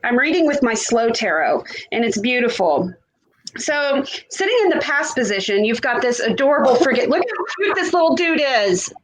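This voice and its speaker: High, gushing woman reading tarot. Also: very animated, low-quality recording. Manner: gushing, chatty, drawn-out pauses. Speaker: tarot reader. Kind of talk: casual livestream chat.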